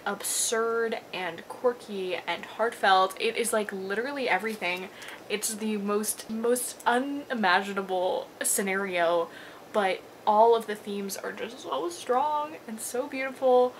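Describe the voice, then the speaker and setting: A woman's voice: medium pitch, slight background noise, rough recording. A young woman chatting casually in her reading vlog at home, swearing freely and laughing often. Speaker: book vlogger.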